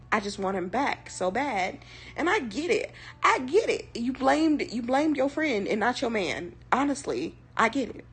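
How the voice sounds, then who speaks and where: A young woman streamer chatting casually, with sassy, slangy, rambling commentary in a breathy, husky voice. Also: mid-range voice. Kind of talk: casual chat.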